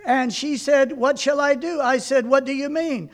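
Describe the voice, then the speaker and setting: A man's voice: very high-pitched, steady tone, normal speed. A man preaching fervently, reading aloud from a book and stopping to comment, with exclamations of praise.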